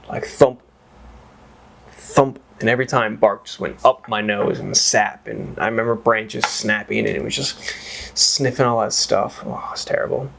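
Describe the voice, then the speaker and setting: A man's voice: on the low side, vocal fry. A man reviewing whiskey in a casual, rambling chat that wanders off on tangents and is full of exclamations. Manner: exclaims and swears freely.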